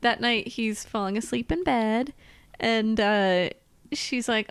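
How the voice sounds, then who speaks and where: A woman's voice: fairly high pitch, no room sound. A woman co-hosting a podcast, chatting and recapping a film, acting out the characters' lines with lots of laughter. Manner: animated, acts out lines in quick voices, laughs often. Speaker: podcast co-host. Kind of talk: casual chat recapping a film.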